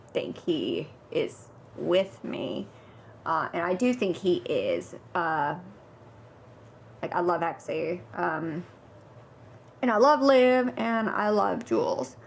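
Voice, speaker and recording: A woman's voice: lowish voice, a little hiss or hum. A woman talking casually through her game strategy in a confessional, with many fillers. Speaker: reality game contestant.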